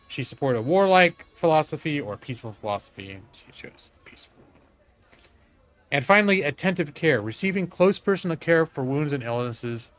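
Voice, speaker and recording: A man's voice: medium pitch, a bit bright. A man casually commenting while he plays a strategy game live, swearing now and then and talking to his chat. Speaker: streamer playing a strategy game.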